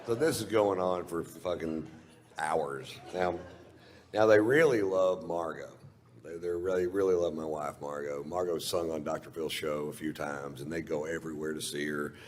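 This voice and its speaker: A man's voice: extremely low pitch, moderate pace, a little mellow. A middle-aged man doing stand-up, telling a long story in a laid-back, drawling, profane way. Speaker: stand-up comedian. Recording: live stage recording in a reverberant hall.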